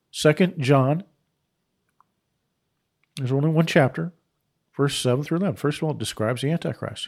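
Emphatic man preaching, somewhat high voice. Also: darkish tone. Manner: emphatic, repeats key phrases; unscripted, with restarts and asides. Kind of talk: preaching on scripture.

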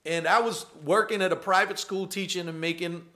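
A man's voice: sits high, steady tone, brisk, pushed and bright. A man in his thirties preaching a sermon in a conversational way, repeating key lines and laughing now and then. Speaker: pastor.

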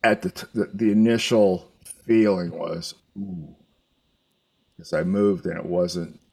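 An older man telling a story in casual chat, halting and rambling, with some swearing. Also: low voice, fairly even intonation, vocal fry, warm tone, husky, no room sound.

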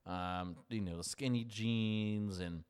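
A man's voice: lowish voice, slow, a little mellow, clean tone. A man telling a story in casual chat, rambling and restarting, laughing often.

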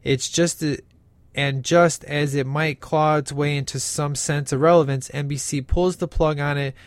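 A man's voice: on the high side, fairly even intonation, moderate pace, dry recording. A man giving casual, sarcastic comedic commentary, answering viewer remarks. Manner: sarcastic and casual, says flippin'.

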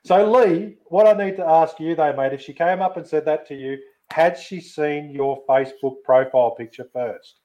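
A man with a slightly high, warm, unhurried voice co-hosts a casual livestream, teasing, swearing, and laughing often. He supplies knife-making gear, and the lo-fi recording sounds dull.

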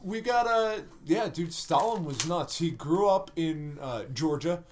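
A man's voice: fairly high pitch, lively intonation, measured pace, heavy background noise. A man hosting a casual podcast chat, joking crudely and laughing with his friends.

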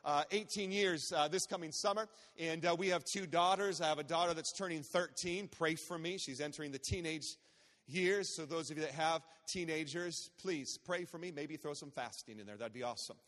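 A man's voice: fairly high pitch, moderate pace, fairly bright tone. A man in his forties, a guest pastor telling a humorous family story in a sermon, chatty and calling out to the congregation. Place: large church sanctuary. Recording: long church hall reverb.

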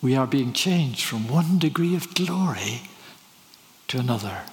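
A man's voice: mid-range voice, animated, unhurried, slight background noise. Guy preaching a sermon, asks lots of rhetorical questions, long echo like a church hall. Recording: reverberant hall.

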